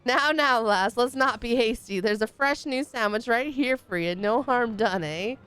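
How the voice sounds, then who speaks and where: A woman reading lines as a swaggering male pirate rogue guild master for a game, in rough sailor slang. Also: fairly high pitch, normal speed, a bit bright, pitched above the performer's own voice, close to an everyday voice.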